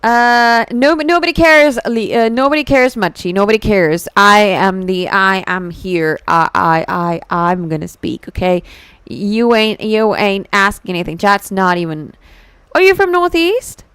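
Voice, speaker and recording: A woman's voice: medium pitch, unhurried, a bit bright, smooth, no room sound. A woman VTuber chatting with her live-stream viewers, giggling, answering chat messages playfully and switching between English and Hindi.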